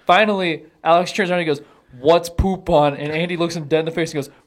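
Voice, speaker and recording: Male co-host, fairly high voice, crude humor, chatty storyteller. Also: fairly even intonation, very fast, a bit bright. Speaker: podcast co-host. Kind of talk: casual chat among friends.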